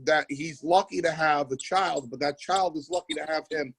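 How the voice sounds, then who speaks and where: A man's voice: on the high side, moderate pace, gravelly, a bit bright, slightly rough, rough recording. A middle-aged man hosting a podcast, telling wrestling stories casually, repeating himself and swearing. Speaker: podcast host. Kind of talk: casual chat.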